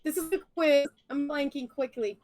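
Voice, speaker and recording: A woman's voice: high voice, normal speed, darkish tone. Woman, hesitant shy talk, casual livestream, frequent fillers. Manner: hesitant, shy, lots of ums. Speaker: artist guest.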